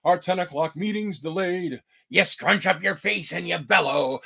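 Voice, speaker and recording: A man sings comic songs in a high, bright register and breaks off for jokey spoken asides. His delivery stays playful and quick to slip into silly voices. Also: gravelly, husky. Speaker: singer-songwriter.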